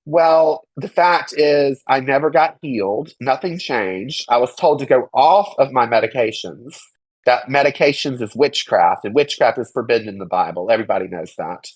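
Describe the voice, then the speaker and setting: A young adult speaking with blunt, indignant emphasis, slipping into mocking impressions of others. The voice sits at an ordinary middle pitch. The recording is dry and close, with no room sound. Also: no echo, low-quality recording. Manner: emphatic, indignant, swears freely and mocks others in quoted voices. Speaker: interview guest. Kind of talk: candid personal testimony.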